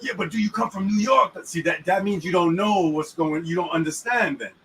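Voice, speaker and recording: Riding in a moving car, a man with a high-pitched, pushed, bright voice chats casually and fairly quickly about this week's Torah portion. His speech is full of street slang, and he frequently checks that the listener understands. Faint road noise comes through on the distant car mic.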